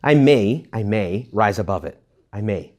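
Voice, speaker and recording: Animated priest giving a lively retreat talk. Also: male voice, fairly low pitch, measured pace. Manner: animated and conversational, jumping between questions, jokes and asides; rhetorical questions directed at the audience. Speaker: Catholic priest leading a retreat. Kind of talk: informal retreat talk to young adults.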